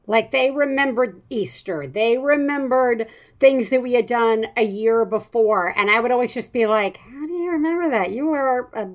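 Brief: woman podcast host, a bit high-voiced, rambling and self-deprecating, laughs easily. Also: moderate pace, highs cut off. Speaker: parent. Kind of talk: casual podcast chat.

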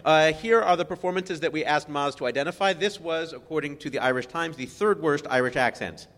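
Bright-voiced male panel show host. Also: a little high, fairly quick. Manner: upbeat, teasing. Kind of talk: comedy panel hosting. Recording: hall reverb, faint noise.

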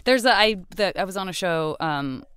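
A woman's voice: lowish voice, animated, moderate pace, clean tone, no echo, clean studio sound. A woman hosting a casual podcast, affirming her guest with lots of agreement and telling her own stories. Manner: warm, affirming listener with frequent agreement. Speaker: podcast host.

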